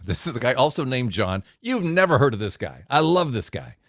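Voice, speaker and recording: A man delivering a men's devotional message as a story, his pitch swinging widely as he acts out the scenes. The sound is dry and close, with no room echo. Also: a little fast. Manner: storytelling, animated with acted quotes.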